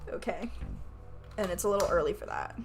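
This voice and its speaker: A woman's voice: lowish voice, huge pitch swings, fairly quick, gravelly, music in the background. A woman streaming a tabletop-style game, reading the narration aloud, swearing often, laughing and asking how to pronounce words. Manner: swears often, laughs, questions her own pronunciation. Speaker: streamer playing a game with an AI game master.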